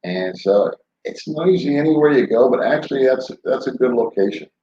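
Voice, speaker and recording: A man's voice: medium pitch, animated, normal speed, warm tone, slight background noise. An older man chatting casually on a live stream, rambling and laid-back, laughing often as he answers viewers. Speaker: vlogger answering live chat. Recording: roomy, dull lo-fi sound.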